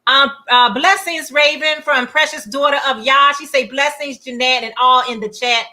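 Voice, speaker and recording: Bright-voiced chatty woman livestream host. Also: high-pitched, steady tone, moderate pace. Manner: chatty, reads chat comments aloud, says "y'all" often. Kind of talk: casual livestream chat.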